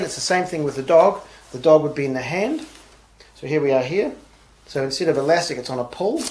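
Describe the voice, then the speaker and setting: A man casually demonstrating and explaining a magic trick, relaxed and talking as he shows each move. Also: fairly high pitch, reverberant. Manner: relaxed, talks while showing moves. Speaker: magic instructor.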